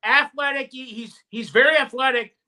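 A man's voice: extremely high pitch, fairly even intonation, moderate pace, crowd noise. A man co-hosting a sports podcast in casual chat, eager and a bit defensive. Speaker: podcast co-host.

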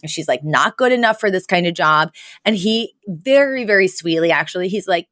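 A woman's voice: fairly low pitch, brisk, no echo, clean studio sound. A woman co-hosting a podcast, casually retelling a sitcom episode and acting out the characters' lines. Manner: animated storytelling, acts out characters' lines with laughs. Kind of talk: casual chat.

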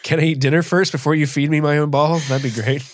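A man's voice: fairly high pitch, fairly even intonation, fast talker, dry recording. A man co-hosting a podcast, chatting casually about a film and chiming in with playful jokes. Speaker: podcast co-host.

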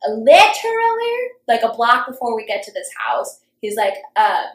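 A woman's voice: fairly high pitch, very animated, normal speed. A young woman telling a story in casual chat, acting out quotes and swearing freely. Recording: roomy echo.

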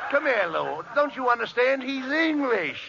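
A man's voice: very high-pitched, sing-song, moderate pace, gravelly. A middle-aged man acting as the exasperated, scolding straight man in a 1940s radio comedy show. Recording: muffled 1940s radio broadcast with loud hiss.

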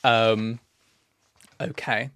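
A man's voice: medium pitch, fairly even intonation, extremely slow, a bit bright, dry recording, studio quality. A young man co-hosting a podcast in playful, camp casual chat. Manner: playful, camp, dramatic delivery. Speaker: podcast co-host.

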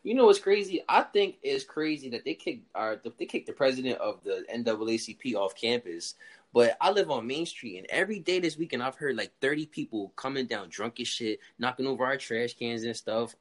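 A young man in casual chat, telling slangy stories and jumping into high voices to quote people. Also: animated, fairly quick. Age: young adult.

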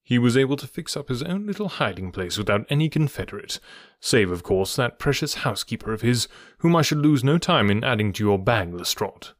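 Brief: man voicing a poised, witty detective, mid-pitched, dry close recording. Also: very animated, no echo, lightly acted. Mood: amused. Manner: measured, dryly amused, composed. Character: calm, theatrical, clever detective man.

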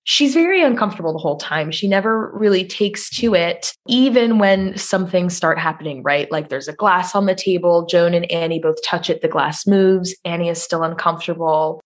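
Lady podcaster talking fast and low about a movie, gets loud and sweary. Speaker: podcast co-host. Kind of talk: casual chat, film recap.

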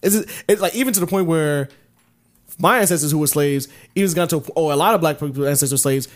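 Fast-talking profane man. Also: a little high. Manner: rapid, profane, rambling with many restarts. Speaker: podcast co-host. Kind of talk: casual chat.

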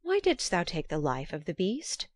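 A woman's voice: lowish voice, wildly swooping pitch, normal speed, a little mellow, dry recording, studio quality. A woman voicing a solemn old god-king. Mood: stern. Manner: solemn, archaic speech. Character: grave old king of the gods, commanding. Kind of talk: storybook reading.

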